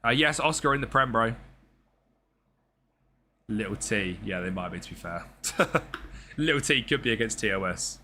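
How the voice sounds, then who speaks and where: A man's voice: fairly low pitch, expressive, normal speed, pauses often, bright, forceful tone, slight background noise. A young man streaming a football management game, chatting casually with viewers and swearing freely. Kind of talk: live gameplay commentary.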